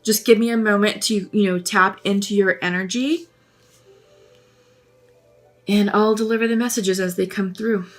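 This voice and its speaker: A woman talks through a tarot reading in a gentle, musing way, often pausing with small fillers as she feels her way forward. Her voice sits at a middle pitch, with soft music playing faintly beneath it. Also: steady tone. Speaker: tarot reader. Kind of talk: spoken tarot reading to camera.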